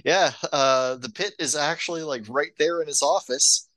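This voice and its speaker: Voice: medium pitch, moderate pace, fairly bright tone, no room sound. A podcast co-host chatting casually about a movie, rambling with lots of "like" and "um". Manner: rambling, full of "like" and "um". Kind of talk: casual movie-review chat.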